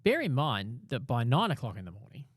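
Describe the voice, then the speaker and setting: A man's voice: medium pitch, wildly swooping pitch, brisk, breathy edge, no room sound, studio quality. A man co-hosting a casual Bible discussion, explaining passages and reading a psalm aloud with rising emphasis. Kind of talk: casual Bible study chat.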